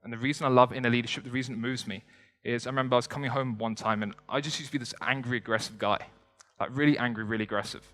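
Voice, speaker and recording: Fast-talking young man in an echoing hall. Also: medium pitch. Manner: energetic, conversational, with joking asides to the audience. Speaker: motivational speaker. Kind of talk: motivational stage talk. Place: stage before a live audience in a large hall. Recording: long hall reverb.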